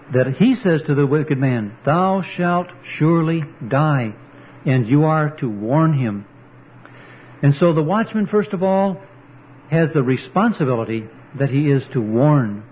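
A man's voice: a little high, slightly rough. A man preaching an earnest, emphatic sermon, quoting scripture as he goes. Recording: dull lo-fi recording.

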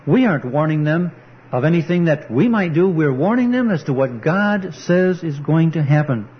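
Husky-voiced man preaching a sermon. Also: on the high side, lively intonation, moderate pace. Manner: earnest, emphatic preaching with quoted scripture. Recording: dull lo-fi recording.

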